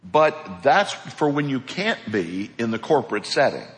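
A male pastor delivers a sermon to his congregation. He is animated and slips into the voices of people in his stories. His voice rings out with a long reverb in a church hall. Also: mid-range voice, measured pace.

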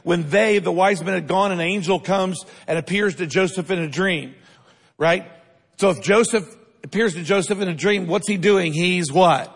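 A male pastor preaching a sermon, emphatic, constantly checking in with the congregation and building up to shouted lines. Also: high voice, normal speed, breathy edge. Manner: keeps asking the congregation "right?". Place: church sanctuary. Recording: long reverb of a large hall.

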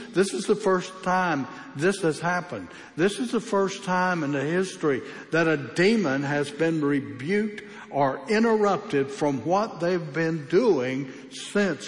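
A man preaching a sermon as pastor, emphatic and with a varied pace. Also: on the high side. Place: church. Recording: echoey church hall.

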